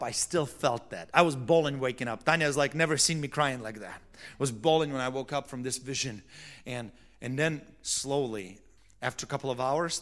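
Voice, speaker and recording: A high-pitched, bright-toned male pastor with a non-native English accent, preaching a sermon. His delivery swings from hushed, tearful storytelling to loud, fervent calls. He keeps it freewheeling and playful, with laughs and acted-out quotes.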